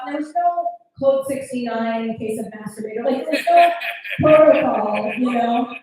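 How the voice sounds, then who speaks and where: A high-pitched woman in her thirties works the crowd at a comedy club, brash and profane, firing off quick asides. Her voice rings around a very echoey room and sounds set back from the microphone, with faint noise behind it. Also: lively intonation, a little mellow. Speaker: stand-up comedian. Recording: echoey club, mic heard from a distance.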